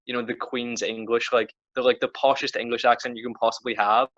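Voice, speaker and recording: A man's voice: medium pitch, little pitch movement, a little fast, fairly bright tone, no echo. A man with a Northern Irish accent co-hosting a podcast in casual chat, rambling with many restarts and fillers. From Northern Ireland. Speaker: podcast co-host. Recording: dry, dull lo-fi sound.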